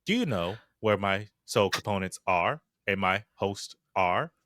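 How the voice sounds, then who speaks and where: A man voicing a clipped, emotionless robotic construct in a tabletop game, speaking in flat, machine-like reports. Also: low voice, measured pace, no echo, studio quality. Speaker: player. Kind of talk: tabletop role-play.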